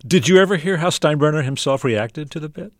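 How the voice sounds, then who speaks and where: A man hosting a radio interview, introducing clips in a measured way with small hesitations. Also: fairly high pitch, animated, no echo, clean studio sound. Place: radio studio.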